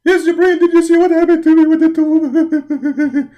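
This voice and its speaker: A man voicing a panicky, whiny male prophet figure who pleads quickly and nervously. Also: level tone, warm tone. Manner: fast, pleading, high-strung.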